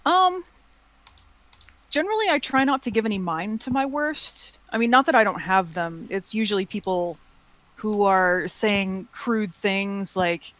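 A woman telling stories in a casual chat, relaxed with quick asides. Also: mid-range voice. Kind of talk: casual chat about cosplay.

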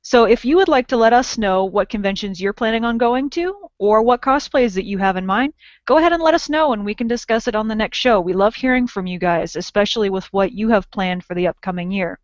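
A woman's voice: medium pitch, lively intonation, fairly quick, no room sound. A woman from Southern California co-hosting a podcast in casual chat, laughing often and drawing out her vowels. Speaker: podcast co-host. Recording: dull lo-fi dry audio.

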